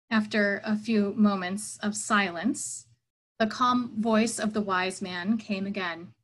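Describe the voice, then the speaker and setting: A woman's voice: medium pitch, fairly even intonation, slow pace, a bit bright, low-quality recording. A woman giving a reflective sermon at an online church service, earnest and thoughtful, telling a story.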